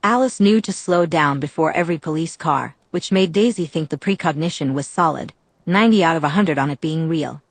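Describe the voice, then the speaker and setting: A woman narrating a storybook audiobook in a steady, even reading. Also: low voice, brisk. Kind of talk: scripted narration.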